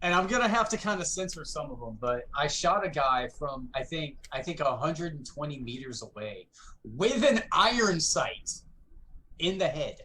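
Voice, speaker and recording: A man being interviewed as a guest gamer, telling stories in an animated way and acting out the other players. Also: fairly high pitch, normal speed, slight background noise, poor audio. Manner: animated, acts out quoted players with shouts and laughs. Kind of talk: casual interview storytelling.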